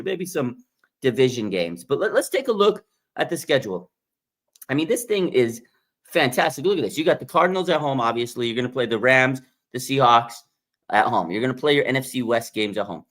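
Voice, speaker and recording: A man hosting a live fan reaction stream in a casual, excitable way, laughing and ranting with his voice jumping up when he gets hyped. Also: medium pitch, brisk. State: has a bloody nose. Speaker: sports fan livestream host.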